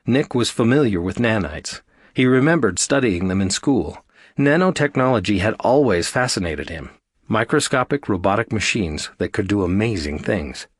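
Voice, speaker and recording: Low-voiced male audiobook narrator. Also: slightly rough, no room sound, clean studio sound. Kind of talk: scripted narration.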